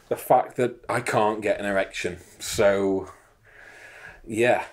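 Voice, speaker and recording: A man in his thirties co-hosting a laid-back fitness chat. He rambles, swears freely and pokes fun at himself. His voice sits a touch low. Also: fairly even intonation, takes it slowly. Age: 30s. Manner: rambling, sweary, self-mocking. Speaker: podcast co-host. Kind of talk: casual banter.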